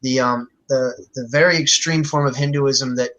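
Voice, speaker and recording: A man's voice: mid-range voice, fairly even intonation, moderate pace, fairly bright tone, low-quality recording. A man in a casual discussion, arguing his case in an emphatic, persuasive, lecturing way. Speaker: vegan advocate in a discussion.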